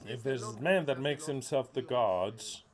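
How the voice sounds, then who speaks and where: A man's voice: mid-range voice, measured pace. Emphatic, blunt male preacher. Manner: emphatic, repeats key words, blunt and profane. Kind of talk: sermon.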